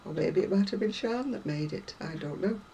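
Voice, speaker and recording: Chatty low-voiced woman vlogging. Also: expressive, a little fast, heavy background noise. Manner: chatty, self-deprecating, rambling asides. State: unwell. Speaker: craft vlogger. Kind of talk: casual chat to viewers.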